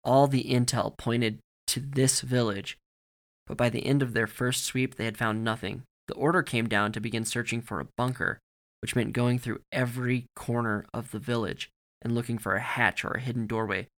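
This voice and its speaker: A man reading a story aloud in a steady, grave narrating manner. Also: medium pitch, normal speed.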